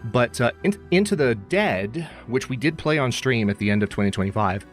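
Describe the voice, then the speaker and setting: Medium-pitched and quick, this livestream host rambles in a relaxed way, welcoming viewers by name. His close studio mic picks him up clearly over soft background music.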